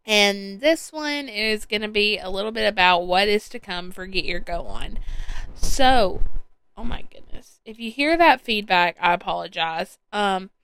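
A woman's voice: mid-range voice, lively intonation, a little slow, a bit bright, clean tone, dry recording. A woman hosting her own podcast solo, chatting casually and rambling with plenty of ums and restarts. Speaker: podcast host. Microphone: headphones with a podcast mic.

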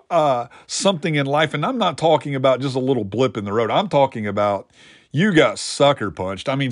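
A man's voice: on the high side, no room sound, clean studio sound. A man preaching a sermon in an earnest teaching manner, lifting his voice to drive points home. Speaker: pastor.

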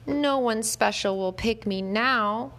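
A clumsy, eager little dog from a storybook, begging to be chosen, as a woman reading aloud puts him on. His voice jumps far higher than the narrator's own and pleads earnestly, with a faint gravelly catch. He sounds hopeful and a bit desperate. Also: takes it slowly, a bit bright. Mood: whimpering. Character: clumsy eager male dog longing to be picked.

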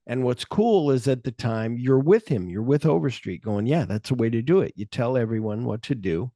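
Laid-back man with a dark, mellow voice. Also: mid-range voice, animated, no echo, studio quality. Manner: retells scenes with quick offhand impressions of characters. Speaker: podcast host. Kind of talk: casual movie discussion podcast.

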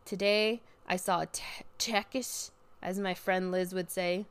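A young woman ranting casually as a podcast host, swearing freely and bursting into loud outbursts. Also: on the low side, measured pace, clear, resonant tone. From Oregon, US. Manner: animated, profane venting with sudden loud outbursts.

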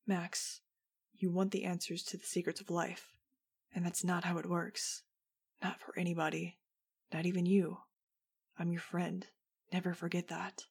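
A woman voicing an intense adult man who speaks low and coaxingly, a former father figure turned menacing. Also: flat delivery, a little slow, gravelly, pauses often, husky, exaggerated voice. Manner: shifts from yelling to low and coaxing.

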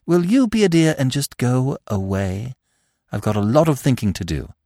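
A man's voice: medium pitch, very animated, moderate pace, warm tone, no room sound, clean studio sound, voice pushed up. A man voicing a harassed, impatient young woman who talks in a tense, clipped, exasperated way.

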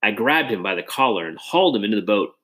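A man's voice: fairly low pitch, expressive, quick pace, pushed and bright. A man narrating a children's novel in the first person and acting out the dialogue. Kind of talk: audiobook reading of a children's novel.

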